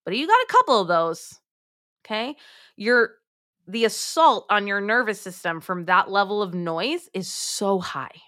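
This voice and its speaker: Bright, emphatic woman coaching moms. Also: mid-range voice, a little slow. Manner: emphatic, direct, addresses listeners as "my friends"; acts out quoted thoughts in lively voices. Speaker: guest, mom coach. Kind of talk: podcast interview.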